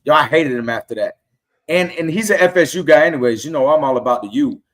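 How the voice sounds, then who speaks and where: A middle-aged man on a casual podcast, telling fan stories and acting out quotes in an animated way. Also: fairly high pitch, fast talker. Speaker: guest fan.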